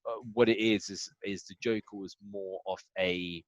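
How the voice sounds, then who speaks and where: A man's voice: sits low, fairly even intonation, normal speed, no echo, muffled recording. A man co-hosting a podcast, talking casually and rambling, with lots of fillers. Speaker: podcast co-host. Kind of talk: casual chat.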